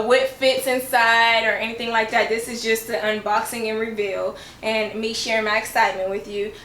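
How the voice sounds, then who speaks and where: A woman's voice: fairly high pitch, a bit bright, a little hiss or hum. Gushing woman in a roomy room. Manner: gushing, chatty, keeps correcting herself. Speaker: YouTuber and English teacher. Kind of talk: excited unboxing vlog. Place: at home, indoors.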